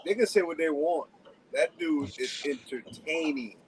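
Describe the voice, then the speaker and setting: A married man on a podcast, telling stories in casual chat, animated and slangy, laughing often. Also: a little high, unhurried, crowd noise, rough recording.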